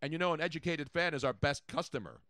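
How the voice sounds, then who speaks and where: Animated, loud American sports radio host. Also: male voice, fairly high pitch, fast, no echo, studio quality. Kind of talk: sports talk show banter.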